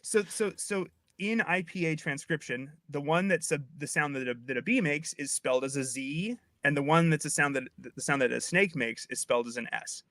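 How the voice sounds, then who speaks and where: A man's voice: on the high side, brisk, hardly any pauses, fairly bright tone, no echo, studio quality. A man, a linguist on a video call, patiently explaining speech sounds in a casual chat with playful asides. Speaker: linguist guest.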